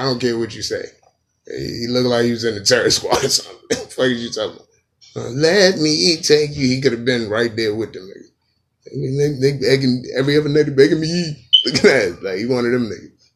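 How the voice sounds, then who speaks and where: A man's voice: medium pitch, fairly even intonation, quick pace. Profane, playful male podcast host. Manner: profane, playful, breaks into sung imitations. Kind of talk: casual comedic rant.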